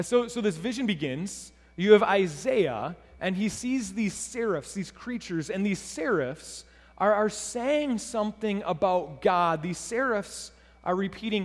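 A man with a notably high voice delivers a sermon from a church sanctuary. His words ring out with a long hall echo, and he talks earnestly, often restarting phrases and repeating words. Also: lively intonation, unhurried. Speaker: pastor. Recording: reverberant hall.

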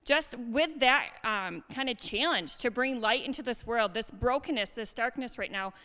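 A woman gives church announcements in a chatty, friendly way. Her voice is bright and a little high. The sound carries a long reverb from a large church hall. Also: expressive, moderate pace. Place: church sanctuary.

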